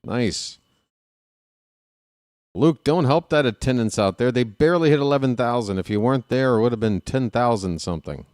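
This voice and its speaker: A man streaming casual live baseball play-by-play, chatting with viewers and reading out their names between pitches. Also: expressive, moderate pace, a little mellow, no echo, clean studio sound. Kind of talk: live play-by-play with chat shout-outs.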